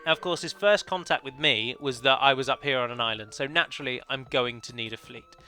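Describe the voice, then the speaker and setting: A man's voice: mid-range voice, brisk, pushed and bright. A man commentating on his own multiplayer strategy match, chatty and analytical, often correcting himself mid-sentence. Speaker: let's play commentator. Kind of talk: game commentary.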